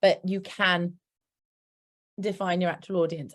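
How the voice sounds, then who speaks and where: A British-accented woman with a mid-range, slightly mellow voice leads a marketing workshop at a moderate pace. Her instructive presentation is upbeat and practical, sprinkled with chatty asides, and she keeps hiccuping.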